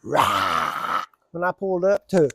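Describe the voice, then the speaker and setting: A man's voice: a little high, normal speed, a little mellow, no echo. A man telling rambling, profane stories in a casual, laid-back way. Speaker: storyteller. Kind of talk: casual storytelling.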